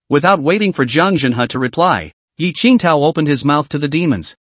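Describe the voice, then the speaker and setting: A man's voice: fairly high pitch, lively intonation, a little fast, no echo. A man narrating a dramatic story recap in a scripted way.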